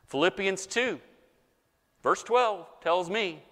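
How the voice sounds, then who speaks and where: A man preaching a sermon as a pastor, animated, mock-voicing objectors and swinging between loud and soft. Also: fairly high pitch, slow, long reverb tail.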